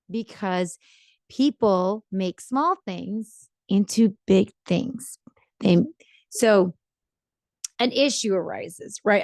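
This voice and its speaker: A woman's voice: fairly high pitch, darkish tone, dry recording, clean studio sound. A middle-aged woman giving casual relationship advice in a rambling, chatty way, often checking in with "right?".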